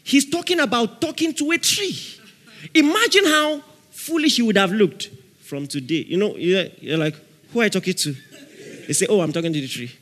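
A man preaching a sermon as pastor, animated, laughing often and shouting out dramatic prayer examples. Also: sits high, normal speed. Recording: long reverb of a large hall.

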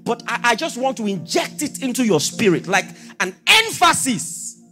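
Animated male preacher, lively pitch. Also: normal speed, faint music behind. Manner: animated preaching, rhetorical questions, swings from soft to shouting. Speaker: pastor. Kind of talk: sermon.

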